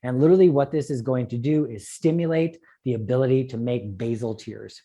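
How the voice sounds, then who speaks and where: A man lecturing on eye treatments at a conference, animated and joking, with quick asides. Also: medium pitch. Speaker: optometrist lecturer.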